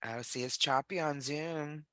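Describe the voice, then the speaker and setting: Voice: mid-range voice, measured pace. A livestream host talking casually with viewers and a guest, chatty and laughing often, trailing off into fillers.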